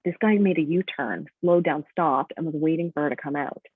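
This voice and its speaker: A woman guest telling a story in a lively way during a casual interview over a video call. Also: deep voice, slightly rough, no room sound. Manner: lively storytelling, quick bursts. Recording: tinny dry call audio.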